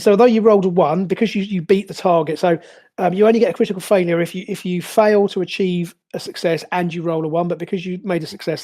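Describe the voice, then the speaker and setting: Hesitant, mellow-voiced game master. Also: medium pitch. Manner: hesitant, many fillers and restarts. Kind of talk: narrating a tabletop game.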